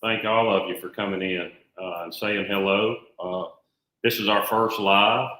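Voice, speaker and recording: A man's voice: fairly low pitch, steady tone, measured pace, sharp tone. A man in his forties from Alabama with a Southern US accent, co-hosting a live stream in an easygoing, friendly way with plenty of uhs. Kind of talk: casual live-stream chat. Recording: echoey room.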